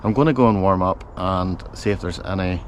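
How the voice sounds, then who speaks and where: Speaking briskly in a deep voice, a running vlogger thinks aloud before a run, rambling and correcting himself in a casual self-filmed vlog. He's out of breath while running in a park outdoors, and his handheld camera mic adds a little hiss or hum.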